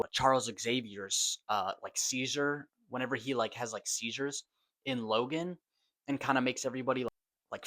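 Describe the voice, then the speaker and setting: A young man giving a casual, excitable movie review, full of swearing and slang. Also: medium pitch.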